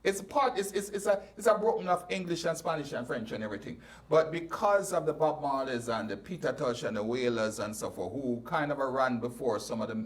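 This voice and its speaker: Expressive male host, heard from afar. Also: medium pitch, recorded from a distance. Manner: probing, emphatic questioning. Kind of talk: hosting a panel discussion.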